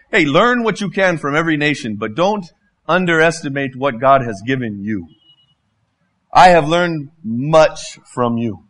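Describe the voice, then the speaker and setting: A high-voiced man in his fifties preaches as a guest speaker. He delivers his sermon through lively, humorous stories, with a bright and animated manner. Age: 50s.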